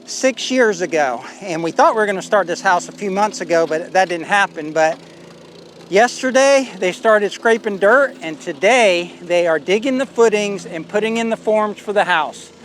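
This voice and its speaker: A man's voice: sits high, lively intonation, moderate pace, a bit bright, slight background noise. A man vlogging outdoors at a building site, talking in a folksy, rambling way with plenty of fillers. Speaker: homestead vlogger. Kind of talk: casual vlog walkthrough.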